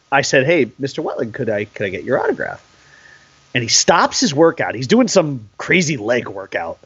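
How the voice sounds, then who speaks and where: A man's voice: medium pitch, slightly rough, dry recording, muffled recording. A man in his forties co-hosting a casual sports podcast, telling stories with lots of laughs. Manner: animated storyteller, laughs often. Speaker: podcast co-host.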